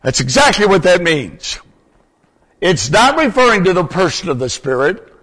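An older man teaching a sermon speaks in a high, very animated voice at normal speed, with a fairly bright tone and a breathy edge. He quizzes listeners in a teacherly, explanatory style, recorded with long hall reverb.

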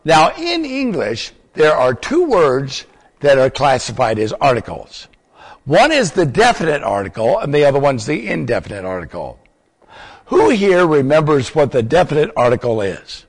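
Animated preacher in an echoing hall. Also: male voice, fairly high pitch, normal speed, breathy edge. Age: older. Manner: teacherly, asks the audience questions. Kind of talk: sermon teaching. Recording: long hall reverb.

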